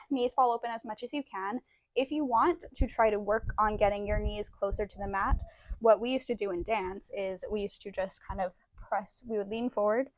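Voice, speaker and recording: Young woman, yoga teacher, casual and self-deprecating, slightly high voice, dry close sound, a bit breathless. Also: no echo. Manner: chatty, self-deprecating, demonstrating poses while talking. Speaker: yoga instructor. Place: indoor room, yoga mat.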